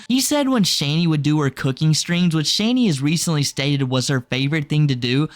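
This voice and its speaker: A man's voice: fairly high pitch, dry recording. A man hosting an online drama commentary channel, indignant and critical.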